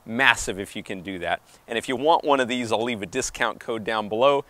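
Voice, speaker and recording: A man's voice: lowish voice, fairly quick, fairly bright tone, no echo. A man giving an outdoor tennis lesson, counting beats aloud as he demonstrates strokes and encouraging the viewer, a little out of breath from moving. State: slightly out of breath. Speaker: tennis coach. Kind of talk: instructional on-court demonstration.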